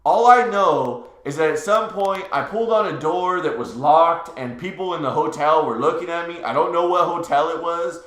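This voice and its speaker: A man's voice: a little high, normal speed, few pauses. Laid-back man telling a story, echoey room. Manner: relaxed, laughing, swearing storyteller. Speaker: podcast co-host. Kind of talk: casual chat, storytelling.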